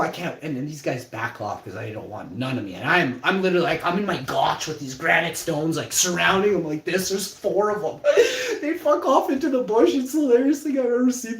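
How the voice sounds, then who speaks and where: A young man telling a story in a casual, rambling, profane way. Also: high voice. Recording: roomy echo.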